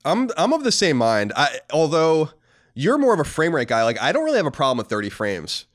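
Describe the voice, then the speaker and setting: A man's voice: fairly high pitch, wildly swooping pitch, brisk. A man in his thirties co-hosting a casual podcast, sarcastic and playfully mocking as he reads listener mail. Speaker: podcast co-host.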